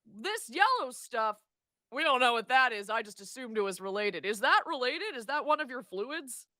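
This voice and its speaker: A blunt, matter-of-fact space ship captain, played by a woman. The voice is bright and close. A tabletop game character. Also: a little high, very animated, normal speed, no room sound. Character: brusque ship captain Dickie.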